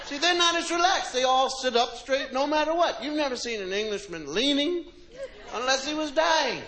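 High, lively male comic, playful and mocking; live set with crowd laughter. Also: moderate pace, background noise. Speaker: stand-up comedian. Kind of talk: stand-up comedy. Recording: live show with loud audience laughter. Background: audience laughing.

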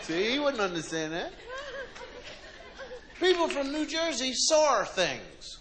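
An American man doing stand-up comedy in an animated, mocking, playful way. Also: extremely high pitch, normal speed, crowd noise, noisy background. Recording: live show with loud audience laughter. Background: audience laughing.

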